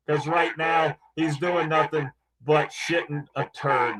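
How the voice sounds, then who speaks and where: A male co-host giving mocking, showman-style commentary, with his voice dropping low on each stock phrase to the crowd. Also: steady tone, takes it slowly, hardly any pauses, poor audio. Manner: mocking, drops low on "ladies and gentlemen".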